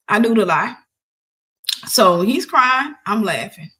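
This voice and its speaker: A woman host recounting a personal story with lots of animation and laughter. Her voice sits in a middle range, and she slips into quick impressions of the people she describes. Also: mid-range voice, expressive, sharp tone.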